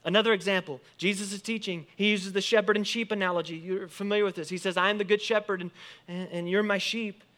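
A male pastor preaching to his congregation with a bright, forceful tone and a slightly high voice. He moves between quiet, close remarks and strong emphatic lines as he quotes and explains scripture. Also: quick pace. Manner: animated preaching, rising and falling emphasis, quoting scripture. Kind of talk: sermon.

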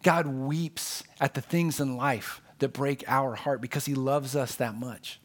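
A man's voice: mid-range voice, steady tone, measured pace. A man preaching a sermon as pastor, earnest and conversational, leaning on emphatic repetition.

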